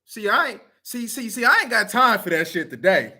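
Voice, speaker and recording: Blunt, profane man with lively pitch. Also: normal speed. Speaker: video commenter. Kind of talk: casual talk to camera.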